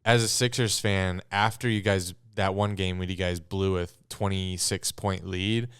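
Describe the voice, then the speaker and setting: A podcast co-host chatting casually about sports, laid-back and quick to laugh. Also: male voice, low voice, fairly even intonation, fairly bright tone, clean tone, no echo, studio quality.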